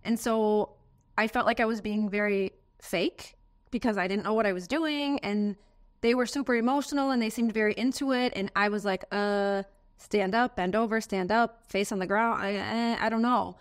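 American woman, interviewee, earnest and heartfelt, lively storyteller, mid pitch. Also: moderate pace. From United States. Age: adult, has a daughter. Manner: earnest, emotional, animated storytelling. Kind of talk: personal testimony interview.

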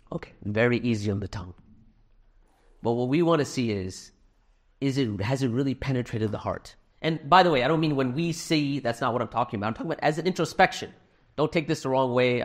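A middle-aged man giving a fundraising sermon to a live audience in a hall, earnest and conversational with self-deprecating humor. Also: mid-range voice. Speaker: speaker at a fundraising talk.

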